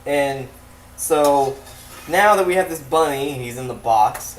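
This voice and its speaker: Speaking slowly in a mid-range voice, a young man doing let's play commentary rambles through a long, profane tale over gameplay. He keeps laughing and wandering into asides, and the mic sits at a distance in an echoey room.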